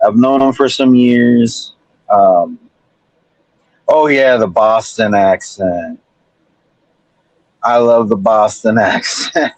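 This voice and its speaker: A man talks in a slow, unhurried drawl as a livestream panel guest. His voice is husky, and the sound is dry and close. He rambles in a laid-back way. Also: on the low side, darkish tone, dry recording, rough recording. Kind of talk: casual chat.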